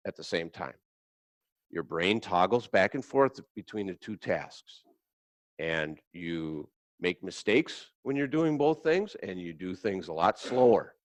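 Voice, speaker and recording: Low-voiced man in an echoey hall. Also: distant mic. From Wisconsin-Minnesota border. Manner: folksy, joking with the audience. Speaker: safety presenter. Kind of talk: workshop presentation. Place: large room with an audience.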